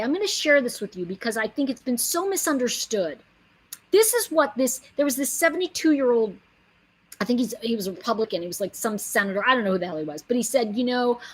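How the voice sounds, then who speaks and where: A woman's voice: sits high, slightly rough, rough recording. A woman giving a casual motivational monologue, earnest and emphatic, rambling with many asides. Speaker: inspirational speaker.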